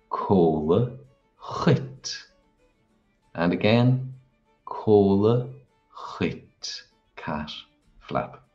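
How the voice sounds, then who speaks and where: Deep voiced guy teaching vocab real slow, says every word twice, kinda dull sound, soft music under it. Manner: slow, deliberate, repeats each word. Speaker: language teacher. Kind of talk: language lesson with repeated pronunciations.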